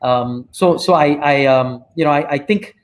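A man's voice: fairly high pitch, normal speed. A man with a Malaysian English accent hosting a casual live-stream chat. He rambles freely, tagging sentences with "right?" and lots of fillers. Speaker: show host and company CEO.

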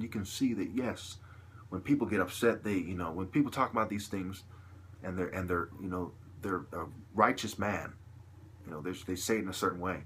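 A video blogger with a low, fairly bright voice delivers a long, agitated, profane monologue to camera, peppering it with "you know." There's a bit of hiss or hum in the recording.

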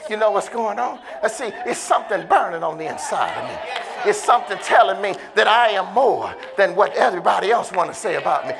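A bishop preaching a sermon to a congregation, moving from low, casual talk to loud, impassioned calls and laughing between lines. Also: lively intonation, a little fast, creaky, a crowd in the background. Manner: casual vernacular grammar.

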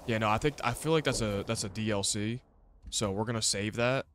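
A young man giving casual, excitable commentary over his first playthrough of a video game, talking back at the game and using slang. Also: lowish voice, brisk, a little hiss or hum. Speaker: gamer. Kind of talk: let's play commentary.

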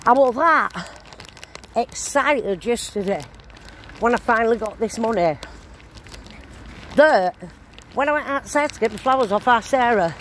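A woman's voice: fairly high pitch, expressive, unhurried, pauses often. An older woman chats in a rambling, broad-dialect way while walking outdoors. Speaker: vlogger. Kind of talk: casual chat while walking. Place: outdoors on a town street. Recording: noisy outdoor street phone recording. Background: traffic and street noise.

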